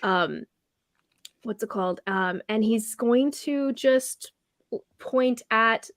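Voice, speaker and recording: Woman game master, rambly and casual, slightly high voice, dry close mic. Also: slow pace, no echo. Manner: rambling, many fillers and self-corrections. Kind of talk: narrating a tabletop game.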